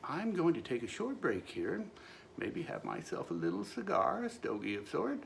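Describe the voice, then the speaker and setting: Male host, comic monologue, gravelly, wry and mock-solemn. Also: fairly high pitch, slight background noise. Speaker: show host.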